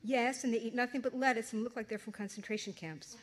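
A woman's voice: a little high, fairly even intonation, fast, voice pushed up, lightly acted. A woman reading aloud, voicing a blunt, old-fashioned middle-aged mother who scolds and dismisses. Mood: scolding.

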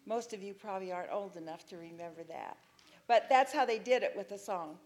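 A woman's voice: mid-range voice, brisk, darkish tone. A middle-aged woman, a children's songwriter, talking chattily to an audience and breaking into song. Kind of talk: talk with sung demonstrations and guitar. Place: room with a live audience. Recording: guitar music under the voice. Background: strummed guitar.

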